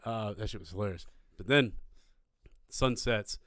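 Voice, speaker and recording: A man's voice: fairly low pitch, unhurried, no echo. Dry-sounding man telling a story. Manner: animated anecdote-telling, casual cursing. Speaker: podcast co-host. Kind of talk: live podcast storytelling.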